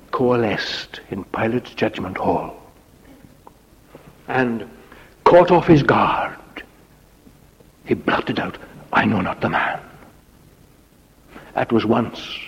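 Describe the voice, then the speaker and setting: A man's voice: mid-range voice, breathy edge. A man preaching a sermon dramatically, dropping to a whisper on key words. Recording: lo-fi recording in a reverberant hall.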